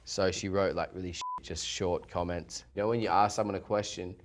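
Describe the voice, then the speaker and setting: A man's voice: deep voice, steady tone, fairly quick, noisy background. A young Australian man in casual after-show chat, laid-back, laughing often and swearing freely. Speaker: yacht crew member on a reality-show after show.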